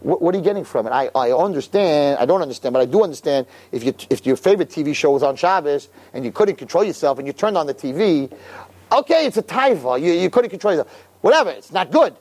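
A rabbi preaches in a fiery sermon, his fairly high male voice leaping from low, hushed murmurs to sharp, shouted peaks. He hammers his points through repetition and sprinkles in Hebrew and Yiddish religious terms. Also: expressive, fast, hardly any pauses.

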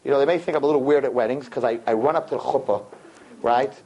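A man teaching a religious lesson to a class, telling stories with lively acted-out voices and sudden pitch jumps. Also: fast talker, highs cut off, slight background noise. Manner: lively storytelling, jumps high in pitch, acts out characters. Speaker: rabbi teacher. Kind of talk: animated classroom lecture.

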